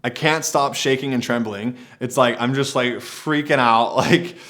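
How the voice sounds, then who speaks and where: A man's voice: mid-range voice, fairly even intonation, unhurried, noisy background. A man telling a personal adventure story to camera in a laid-back, rambling way, often saying "like".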